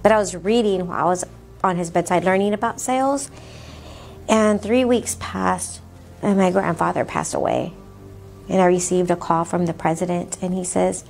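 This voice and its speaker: Woman telling her life story, kinda low and gravelly, earnest, soft music under it. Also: normal speed. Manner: earnest, candid, reenacts dialogue in her own voice. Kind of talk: personal storytelling talk.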